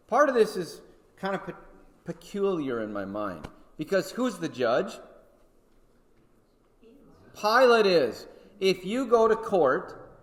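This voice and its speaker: A man's voice: on the high side, a bit bright. A man teaching a Sunday school Bible lesson in a church, talking conversationally and checking in with his listeners with frequent "okay?" and "right?". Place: church hall. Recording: echoey hall.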